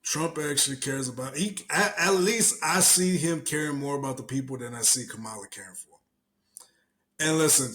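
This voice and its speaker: Profane, animated male podcast co-host. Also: fairly high pitch. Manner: profane, laughing, animated storytelling. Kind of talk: casual podcast banter.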